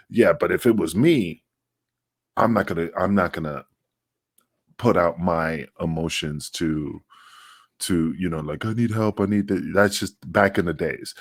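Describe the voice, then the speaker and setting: A man's voice: low-pitched, a little fast, no echo, studio quality. A middle-aged man, a former wrestler co-hosting a podcast, talking bluntly and emphatically in casual conversation, cursing freely and often restarting his sentences.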